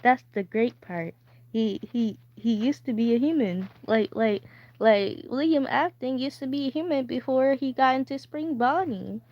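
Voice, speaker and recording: Slow rambling woman, dull dry sound. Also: fairly high pitch, darkish tone. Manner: rambling, stammering, playful. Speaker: streamer. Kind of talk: casual chat.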